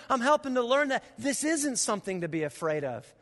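A man preaching a sermon as pastor, telling stories with animated sound effects in a church auditorium. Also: very high-pitched, normal speed. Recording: long reverb of a large auditorium.

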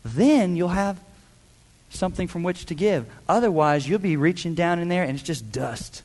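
Male pastor, high voice, emphatic sermon delivery, reverberant church hall. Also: expressive, moderate pace, a little mellow. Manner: emphatic, rhetorical questions, mimics voices.

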